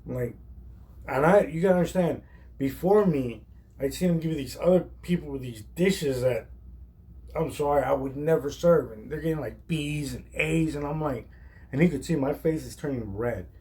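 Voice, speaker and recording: A man, a chef, telling a personal story in a casual, animated way, emphatic and full of "like". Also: fairly high pitch, moderate pace. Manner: animated, emphatic, heavy use of "like".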